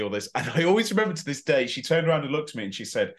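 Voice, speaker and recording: A man's voice: mid-range voice, very animated, racing. A man co-hosting a history podcast, telling a self-deprecating story in a casual, chatty way. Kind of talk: casual anecdotal chat.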